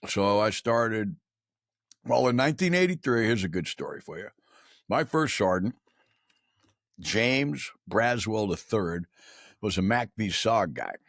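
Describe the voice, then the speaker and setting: A man's voice: fairly low pitch, very animated, measured pace, pauses often, fairly bright tone, no echo, clean studio sound. A man in his sixties telling stories as a podcast guest, in a blunt, profane, slangy way, calling people "man" and "dude". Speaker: podcast guest, military veteran. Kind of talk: casual storytelling in a podcast interview.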